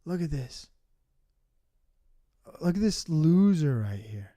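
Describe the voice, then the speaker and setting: A man's voice: on the high side, big pitch swings, takes it slowly, background noise. A man streaming, reacting live with coarse, profane, rambling rants. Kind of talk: livestream reaction commentary.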